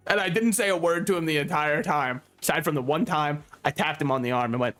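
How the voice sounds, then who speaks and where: A man's voice: fairly high pitch, steady tone, fast, few pauses, fairly bright tone. A man giving casual, rambling gameplay commentary, joking, swearing freely and laughing often. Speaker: gaming YouTuber.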